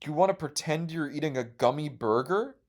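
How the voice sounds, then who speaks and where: Young dude podcasting, rambly and sweary, gets all worked up. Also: male voice, fairly high pitch, a little fast. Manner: profane, rambling, excitable. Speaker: podcast host. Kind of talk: rambling storytelling.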